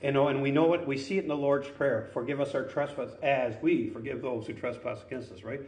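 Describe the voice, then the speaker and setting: A man's voice: mid-range voice, a little fast. Earnest male pastor in an echoey room. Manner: earnest, conversational preaching with lively scripture reading. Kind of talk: sermon.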